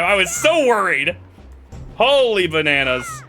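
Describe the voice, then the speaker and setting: A young adult man streaming a game live, chatting with his chat and swinging between quiet muttering and loud yelling. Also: sits high, very animated, measured pace, over music. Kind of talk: live gameplay commentary.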